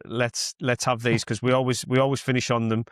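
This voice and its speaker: A man's voice: mid-range voice, level tone, fairly quick, no echo, clean studio sound. A man hosting a podcast in casual, rambling chat that slips into mild swearing. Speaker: podcast host.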